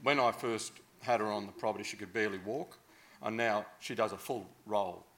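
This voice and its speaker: A man's voice: on the low side, brisk, fairly bright tone. An Australian man telling a long, casual anecdote, rambling and hesitant with many fillers.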